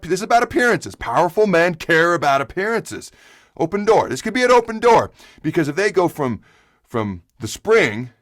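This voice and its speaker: A man's voice: mid-range voice, dry recording, studio quality. A man hosting a sports talk show, ranting with rhetorical questions and emphatic asides. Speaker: host. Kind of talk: opinionated sports talk monologue.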